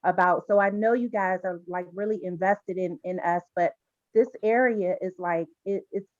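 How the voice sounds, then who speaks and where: A woman's voice: lowish voice, fairly even intonation, moderate pace, no echo. An upset, emotional woman speaking as a resident in an online community meeting over a video call. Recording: slightly dull, dry call audio.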